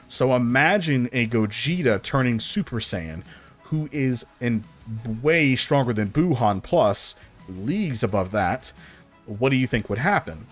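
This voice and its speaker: Casual rambling male storyteller. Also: mid-range voice. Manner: rambling, conversational, with restarts. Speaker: channel narrator. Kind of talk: casual fan-story narration.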